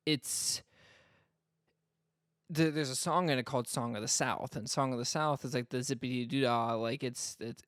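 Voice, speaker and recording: A man's voice: medium pitch, no room sound. Man from North Florida, podcast co-host; rambly, casual, dry close-miked sound. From North Florida, US South. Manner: rambling, many fillers and restarts. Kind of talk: casual chat.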